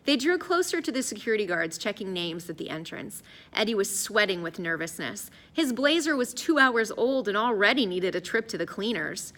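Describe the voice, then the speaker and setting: A woman narrating an audiobook in an expressive, lively storytelling voice. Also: mid-range voice, moderate pace. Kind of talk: scripted narration.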